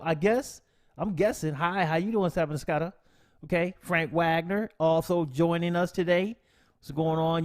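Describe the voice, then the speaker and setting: A man hosting a live stream tutorial, greeting his chat with lively slang before the software rundown. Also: a little high, normal speed. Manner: animated, slangy shout-outs to chat. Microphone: desk mic, no camera.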